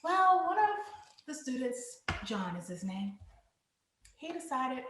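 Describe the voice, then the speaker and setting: A woman co-hosts a casual podcast with a high, bright voice that rises and falls expressively. She speaks slowly and lets her stories unfold. The room sounds echoey. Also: background noise. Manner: slow, expressive, laughs through her stories. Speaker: co-host and teacher. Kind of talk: casual storytelling chat.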